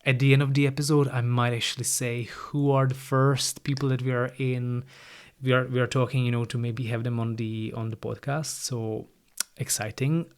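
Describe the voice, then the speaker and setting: A man of ordinary middle pitch talks alone into a studio microphone in a loose, chatty way. His English is non-native and carries a light Irish tinge. He often opens his sentences with "look" or "like". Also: little pitch movement, normal speed, clear, resonant tone. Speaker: podcast host. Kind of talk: solo podcast monologue. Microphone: new studio microphone.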